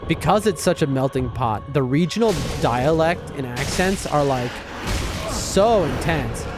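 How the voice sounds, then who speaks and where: Man, streamer, rambling chatter, lively higher voice, game music underneath. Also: unhurried. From East Coast of the United States. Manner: rambling, chatty, addresses viewers as folks. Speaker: gaming streamer. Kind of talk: casual chat with viewers while gaming.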